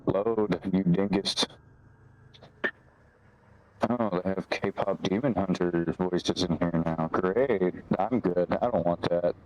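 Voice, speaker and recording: Deep-voiced man chatting offhand. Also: slow pace, darkish tone, faint music behind, rough recording. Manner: joking, offhand. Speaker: co-player on a stream. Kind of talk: casual game-stream chat.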